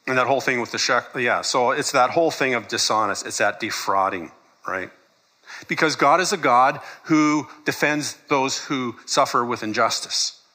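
A man's voice: mid-range voice, bright, forceful tone. A man preaching a sermon in a conversational way, laughing often and acting out quoted lines. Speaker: pastor.

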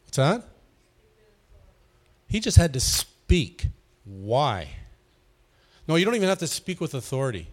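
A man's voice: fairly high pitch, sing-song, a little slow, long pauses. A man giving an informal teaching sermon, asking the room questions and chuckling often. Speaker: pastor leading a Bible study.

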